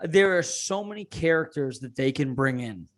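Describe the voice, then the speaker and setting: A man's voice: on the high side, animated, normal speed. Chatty man on a podcast. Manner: chatty, jumps in with his own takes. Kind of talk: casual chat.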